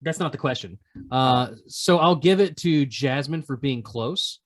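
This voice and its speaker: Animated man hosting a quiz. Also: mid-range voice, unhurried. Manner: playful quizmaster, teasing. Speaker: podcast host running a quiz. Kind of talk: casual chat.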